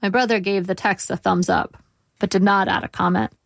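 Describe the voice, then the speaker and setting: A woman in her forties, an author, reading her first-person essay aloud in a measured, dryly wry way. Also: mid-range voice, steady tone, gravelly, dry recording.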